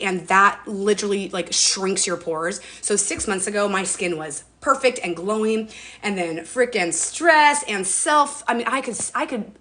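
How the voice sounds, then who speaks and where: A chatty woman in her forties talks to her viewers from home. She sounds bubbly and loose, with a mild curse here and there. Her voice sits at a middling pitch. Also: fairly bright tone. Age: 40s. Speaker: skincare livestreamer. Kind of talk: casual live-stream chat.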